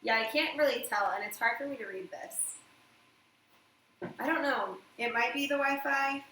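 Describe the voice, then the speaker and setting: A woman's voice: on the high side, moderate pace, sharp tone. A woman hosting a live cooking stream from her home kitchen, rambling casually to viewers as she cooks. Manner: chatty, rambling, talks to viewers while cooking. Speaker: live cooking show host. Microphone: phone set back from her. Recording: roomy echo, distant mic, clear background noise.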